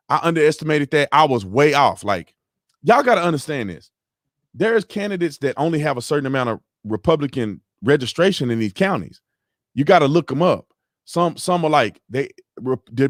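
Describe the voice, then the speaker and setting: A man hosting a livestream who rants heatedly about politics, his voice swinging from loud outbursts to low mutters, with features. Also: no room sound, clean studio sound. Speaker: livestream host. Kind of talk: livestream commentary.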